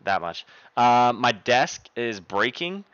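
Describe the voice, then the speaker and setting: Profane young man streaming, crisp dry voice. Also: medium pitch, very animated, a bit bright, no echo, dull audio. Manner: profane, rambling, thanks viewers rapidly by name. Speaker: live streamer. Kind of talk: casual live-stream chat. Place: home streaming desk. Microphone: desk microphone.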